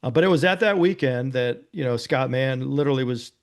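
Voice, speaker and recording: An interview guest, an ex-police officer and nonprofit founder, recounts a personal story with a mid-range voice at a brisk pace. His manner is earnest yet casual, peppered with "you know" and "right?"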